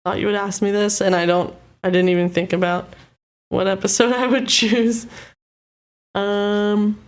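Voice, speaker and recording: A woman co-hosting a casual chat podcast, relaxed and a bit hesitant, laughing easily. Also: medium pitch, unhurried. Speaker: podcast co-host.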